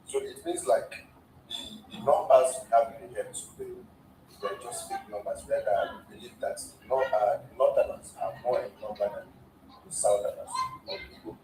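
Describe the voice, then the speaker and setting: A man's voice: medium pitch, wildly swooping pitch, normal speed, mellow, slight background noise. A man, hosting a casual discussion, asking questions and summing up his guest's points. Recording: echoey room, far from the mic.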